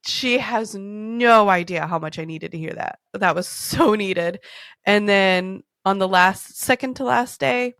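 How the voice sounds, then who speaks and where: A woman's voice: mid-range voice, measured pace, a bit bright, no room sound. Woman in her 30s hosting a podcast, blunt and sweary, tells stories with a laugh, dry close sound. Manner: candid, profane, laughing storyteller. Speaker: podcast host. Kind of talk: casual storytelling chat.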